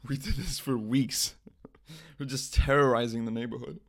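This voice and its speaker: A young man hosts his own podcast, talking off the cuff with crude, irreverent jokes. His voice carries a gravelly fry at mid pitch. The sound is dry and close to the mic. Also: moderate pace, dry recording. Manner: joking, irreverent, swears a lot, laughs at own bits. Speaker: podcast host. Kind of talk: casual solo podcast rant.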